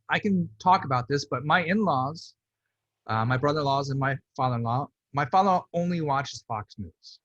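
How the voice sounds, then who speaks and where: A man's voice: on the high side, no echo. A man, an artist, talking about his work in a virtual talk, telling stories and acting out what relatives said. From United States. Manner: animated storytelling, acts out quoted relatives. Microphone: computer mic on video call. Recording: dry, dull lo-fi video call audio.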